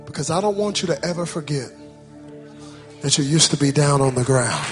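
A man preaching a sermon in a church, calling out to the congregation and rising into shouted, sing-song cadences. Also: a little high, lively intonation, moderate pace, pauses often, crowd noise. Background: soft music.

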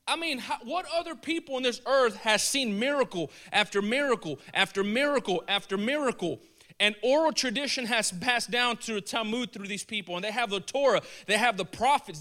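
A man preaching a casual, animated sermon in a colloquial way, chuckling as he goes. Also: extremely high pitch.

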